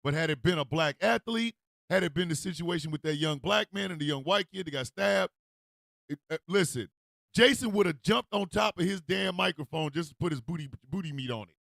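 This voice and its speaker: A male host rants comedically on his radio show, loud and animated. His voice sits high and gravelly. The sound is close and dry. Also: fairly quick, no echo. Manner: animated, loud, laughs often, acts out street calls. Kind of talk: comedic commentary rant.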